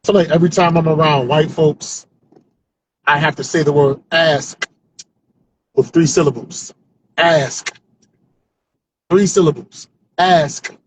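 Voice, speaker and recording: Here a man with a voice on the high side works through fresh stand-up material during his car commute, riffing aloud with no notes and tacking "man" onto many lines. He keeps a steady tone at normal speed with long pauses. The recording is rough, with slight background noise, as he drifts through stream-of-consciousness practice.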